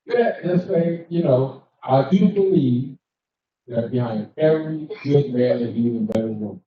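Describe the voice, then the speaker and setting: An older man doing crude, animated stand-up comedy, slipping into quick character voices as he tells his stories. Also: mid-range voice. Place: cigar lounge comedy stage. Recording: echoey distant dull live-room recording.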